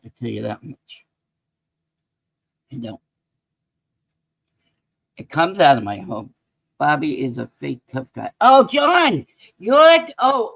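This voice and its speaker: A man, a guest on a live-stream talk show, talking in an excitable way and calling out viewers in the chat. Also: medium pitch, creaky, no room sound. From New York. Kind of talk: casual live-stream banter.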